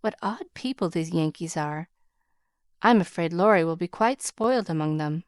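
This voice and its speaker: Woman narrator voicing a snobbish young English lady; smooth, condescending, dry close recording. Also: on the low side, normal speed, no echo, natural voice. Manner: patronizing, cool.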